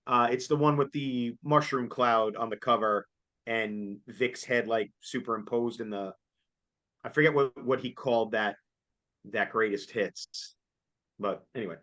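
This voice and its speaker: A man, chatting casually as co-host, excitable and jokey and laughing often. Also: medium pitch, a little slow. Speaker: co-host reviewing a concert. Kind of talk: casual chat.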